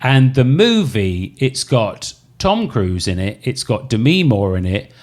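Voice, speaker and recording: A man co-hosting a casual podcast chat, laughing often and breaking into loud movie impressions. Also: mid-range voice, big pitch swings, a little slow. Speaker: podcast co-host.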